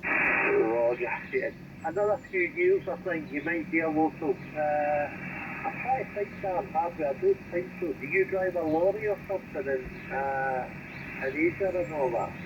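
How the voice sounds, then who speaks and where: A man's voice: on the high side, moderate pace. A man calling in over CB radio, chatting in a brief, matter-of-fact way. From Scotland. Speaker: CB radio caller. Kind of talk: casual radio chat. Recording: muffled radio signal with hiss.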